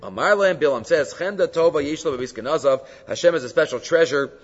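Male Talmud teacher, slightly higher voice, explanatory lecture style mixing Hebrew terms into English, dull lo-fi recording. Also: lively intonation, fast talker. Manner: explains texts, frequent rhetorical "right?". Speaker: Torah teacher. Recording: dull lo-fi sound with long hall reverb.

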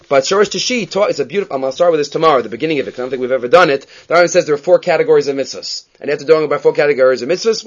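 A man giving a Talmud class, reading Hebrew and Aramaic texts aloud and explaining them in English. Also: fairly high pitch. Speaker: Talmud teacher. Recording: dull lo-fi recording.

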